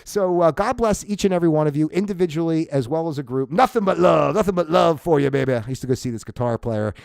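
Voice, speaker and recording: A man from New Jersey hosts a livestream, talking in a loose, profane rant and laughing at his own jokes. His voice sits fairly high. The sound is dry and close, with no room echo. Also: lively intonation, fast, vocal fry, darkish tone. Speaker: livestream host. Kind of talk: casual ranting monologue.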